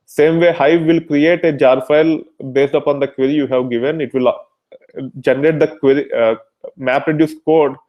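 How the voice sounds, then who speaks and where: A man giving a technical lecture at a middle pitch. He explains patiently, step by step, and fills his pauses with frequent "uh"s and restarts. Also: dull audio. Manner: explanatory, many fillers and restarts. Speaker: instructor.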